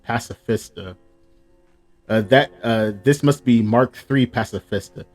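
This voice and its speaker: A man's voice: medium pitch, darkish tone. Casual man reading manga aloud. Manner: reads panels aloud between casual comments. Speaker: manga reaction host. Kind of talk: casual live reaction.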